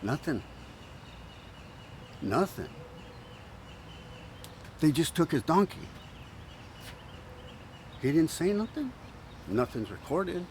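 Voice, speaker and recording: A man preaching a sermon with bouncing, animated pitch, his voice sitting a touch high. He tells the story playfully, slips into quoted voices, and restarts his words often. A faint hiss of background noise sits under him. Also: takes it slowly, long pauses. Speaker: pastor.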